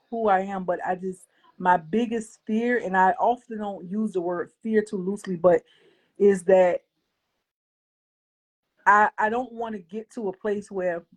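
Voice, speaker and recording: Woman guest giving her faith testimony, earnest and reflective, medium-pitched voice. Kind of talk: personal faith testimony in conversation.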